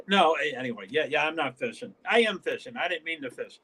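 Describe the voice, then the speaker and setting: Hosting his own casual livestream, a northeastern US man rambles in fits and starts, repeatedly interrupting himself mid-sentence. He speaks fast with few pauses, his slightly high voice expressive, pushed, bright, and husky.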